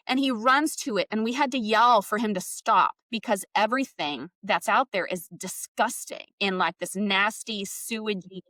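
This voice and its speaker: A middle-aged woman telling a personal story in an interview, earnest and reflective, often trailing off softly. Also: medium pitch, dry recording. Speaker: podcast host appearing as guest. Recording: voice a bit distant from the mic, dry.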